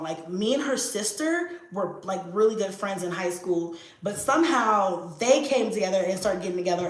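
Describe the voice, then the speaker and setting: A woman, telling a story in casual chat, animated and profane, laughing often. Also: mid-range voice. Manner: animated, profane, laughs often, acts out her own past lines loudly. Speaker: vlogger answering viewer questions. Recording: echoey room.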